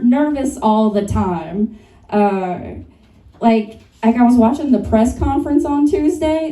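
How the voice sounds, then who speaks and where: A young woman doing stand-up in a bar, her mellow, fairly high voice picked up from a distance. Self-deprecating and quick to chuckle at her own lines, the sound is roomy and echoey. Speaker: stand-up comedian and co-host. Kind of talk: stand-up comedy set. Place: comedy bar stage.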